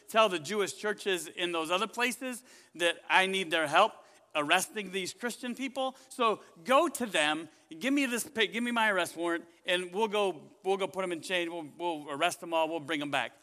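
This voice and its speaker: A man's voice: sits high, pushed and bright, in a large hall. A man voicing a brash, eager male zealot who boasts that he is in charge. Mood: boastful. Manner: boastful, hurried.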